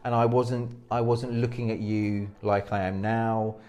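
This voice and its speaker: Lively, low-voiced male speaking coach. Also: a little slow, muffled recording. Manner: energetic, restarts sentences, demonstrates techniques. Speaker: presentation coach. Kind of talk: interview advice.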